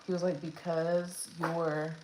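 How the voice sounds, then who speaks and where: A young woman tells her labor story in a casual vlog, her voice sitting low and relaxed. She rambles, restarts and fills gaps with "like" and "um". The room is echoey with a faint hum of noise behind her. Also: slow pace. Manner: chatty, rambling with many fillers and restarts. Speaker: new mother telling her birth story. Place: room at home with her baby.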